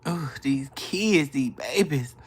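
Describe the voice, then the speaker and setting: Slow, lively-voiced woman in her thirties. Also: sits low, breathy edge. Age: 30s. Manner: playful teasing, laughs often, reads viewer comments aloud. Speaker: live stream host. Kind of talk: casual chat with viewers. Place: bedroom, in bed.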